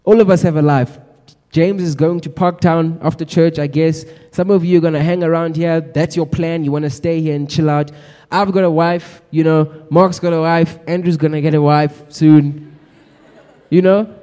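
A man delivers a sermon with earnest, exhorting energy, calling out questions to the congregation. His voice is mellow and fairly high for a man, and it rings through a church hall with a long reverb. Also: steady tone, moderate pace. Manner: earnest, exhorting, addresses the crowd directly. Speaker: preacher. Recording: echoey hall.

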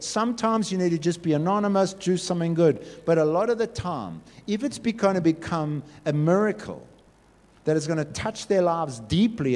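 A man's voice: on the high side, darkish tone, big-room sound. A man giving a casual church talk to a youth group, telling stories loosely with many fillers.

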